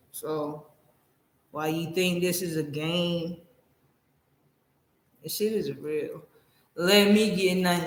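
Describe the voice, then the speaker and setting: A man giving casual reaction commentary in a loud, animated, slangy way, laughing often. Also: on the high side, roomy sound. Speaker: reaction video host.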